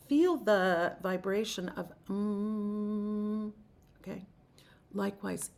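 A woman teaching as a Sufi teacher and leading a slow, intoned group chanting practice. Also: medium pitch, vocal fry. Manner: slow, soft-spoken, drawn-out intoned chanting.

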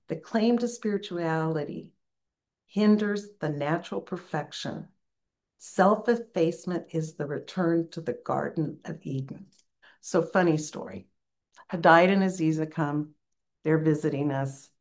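An older woman gives a reflective spiritual talk, reading slowly and pausing to muse. Her voice sits fairly low for a woman, and she breaks off now and then for quiet asides. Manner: slow, musing reading with asides and soft laughs. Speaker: spiritual teacher.

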